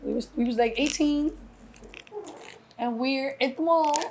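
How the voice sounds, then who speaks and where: A middle-aged woman from New York, a guest telling stories in a casual interview, acting out quotes with lively swearing. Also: high-pitched, a little slow, a little hiss or hum. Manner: animated storyteller acting out quotes, heavy cursing. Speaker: guest, mother of a rapper.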